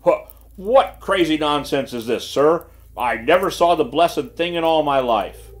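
A man voicing a hot-tempered, burly old colonel who blusters loudly. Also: on the high side, expressive, measured pace, voice pushed up. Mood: blustering. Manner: loud, blustering, indignant.

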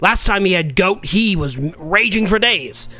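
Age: adult. Figure: a man putting on a gruff greedy troll guard. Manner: blunt, bossy. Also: high-pitched, animated, moderate pace, sharp tone, full character voice. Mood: haggling.

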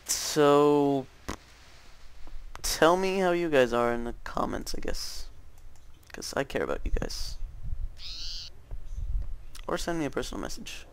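A teenage boy hosts his own gaming channel and rambles through casual commentary while he plays. He speaks slowly, and his voice has a gravelly, creaky edge. He keeps correcting himself and filling gaps with "um" and "like", with faint noise behind him. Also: on the high side, expressive. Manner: rambling, self-correcting, many fillers.

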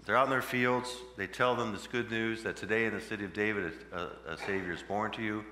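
A man preaching a sermon in a conversational way, with sudden loud emphatic bursts, recorded in a church. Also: lowish voice, fairly even intonation, fairly quick. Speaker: pastor. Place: church sanctuary. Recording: echoey church hall with long reverb, faint hum.

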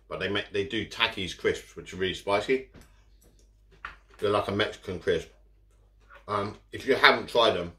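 In a food vlog, a man with a fairly low pitch and a sharp tone chats loosely while eating, talking through mouthfuls. The echoey room carries the sounds of cutlery and dishes.

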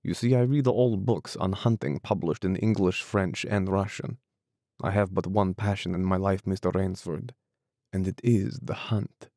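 A man voicing a suave, menacing aristocratic hunter general in an audiobook, courteous, slow and measured, often dropping low and quiet. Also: dry recording, studio quality. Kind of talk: audiobook character reading.

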